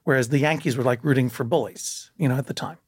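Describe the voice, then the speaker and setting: A man telling a personal story in casual conversation, lively and full of restarts, jumping up in pitch for emphasis. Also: fast talker, slightly rough. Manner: animated, many restarts, jumps up in pitch for emphasis.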